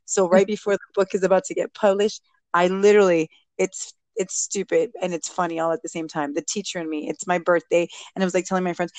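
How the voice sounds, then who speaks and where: A woman guest and mother telling a personal story in a casual interview, animated and acting out what people said. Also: fairly low pitch, fast, hardly any pauses, no room sound. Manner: animated, acts out quoted speech.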